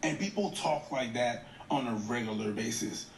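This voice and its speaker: A man co-hosting a casual commentary show, talking in an animated way with quick asides. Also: mid-range voice. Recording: roomy echo, faint room noise.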